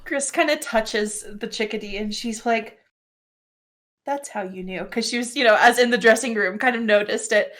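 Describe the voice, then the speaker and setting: A woman's voice: on the high side, fairly even intonation, brisk, few pauses, a bit bright. A woman player in a tabletop game, loosely describing her character's actions with a giggle. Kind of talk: tabletop role-play.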